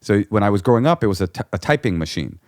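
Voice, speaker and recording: A man's voice: lowish voice, racing, no echo, studio quality. A man in casual conversation telling a long story and acting out the people in it. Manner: animated storyteller, acts out voices. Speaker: guest comedian.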